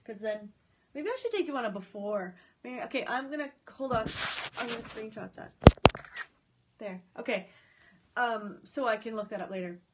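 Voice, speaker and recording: Brief: woman, high voice, chatty livestream host, greets viewers, excitable and scattered. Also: moderate pace, long pauses, slight background noise. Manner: excitable, often breaks off mid-sentence. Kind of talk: casual live chat. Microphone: phone or tablet.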